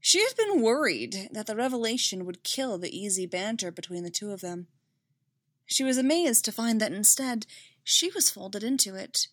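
A woman slowly narrating a fan story as an audiobook. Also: mid-range voice, big pitch swings, fairly bright tone, no echo. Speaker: reader.

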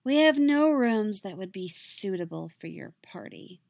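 A sneering young male clerk, prissy and coldly condescending, as a woman puts him on. His politeness is all ice, the delivery dry and close, with a pitch that moves freely. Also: expressive, measured pace, creaky, a little mellow, dry recording. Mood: icily polite. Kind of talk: fan fiction reading.

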